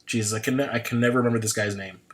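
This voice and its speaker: Speaking very fast at a medium pitch in a steady tone, a U.S. livestream host in his forties keeps up a casual, rambling chat. He swears freely and often laughs at himself.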